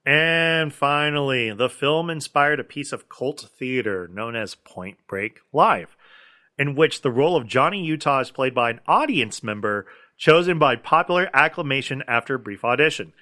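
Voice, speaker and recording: A man's voice: medium pitch, expressive, moderate pace, pushed and bright. A man co-hosting a casual movie podcast, talking with enthusiasm and many fillers while reading out trivia. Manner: enthusiastic, filler-heavy, reads trivia aloud. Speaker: podcast co-host.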